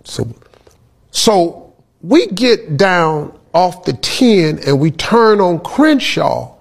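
This is a man telling a comic story. His voice sounds husky and sits fairly high, and his pitch swings widely from line to line. He often raises his voice and laughs at his own jokes. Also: slow. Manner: animated, loud bursts, laughing at his own punchlines. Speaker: comedian.

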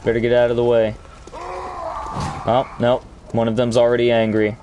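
With a completely flat, mid-range voice and a fast way of talking, a man gives crude, joking commentary as he plays a video game for his gaming channel. He slips into mock-outraged rants, and background noise can be heard.

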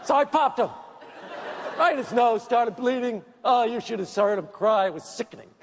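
Whiny high-voiced comedian in a hall. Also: male voice, normal speed, slight background noise. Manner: whiny, kvetching, mock-apologetic. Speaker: comedian giving a tribute speech. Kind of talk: comic roast speech. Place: large theater at an awards event. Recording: reverberant theater hall with audience. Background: audience laughter.

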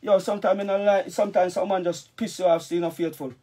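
A man with a strong Jamaican accent and a high-pitched voice rants in a heated, cursing monologue. He keeps turning back to the listener with repeated asides as he vents. He speaks as a dancehall artist addressing his audience directly. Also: steady tone, fast talker, mellow. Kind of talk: heated vlog rant.

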